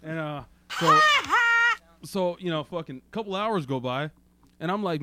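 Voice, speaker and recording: A man's voice: fairly high pitch, a little fast, pushed and bright. A man telling a crude story in a casual podcast chat, swearing constantly and laughing as he goes. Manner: profane, laughs through his story. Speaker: podcast co-host.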